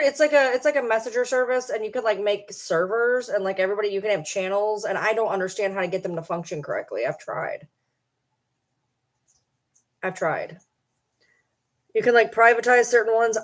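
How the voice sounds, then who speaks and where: A woman's voice: mid-range voice, brisk. A middle-aged woman hosting a casual livestream, chatting loosely with viewers, swearing casually and baby-talking to her pets. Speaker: livestream host.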